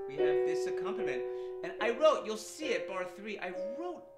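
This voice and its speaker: Middle-aged male composer, fairly high voice, teaching score interpretation, sings examples, roomy sound over loud piano. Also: very animated, moderate pace. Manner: explains by singing and speaking lines from the score. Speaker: composer explaining his score. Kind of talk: informal music lesson on performance.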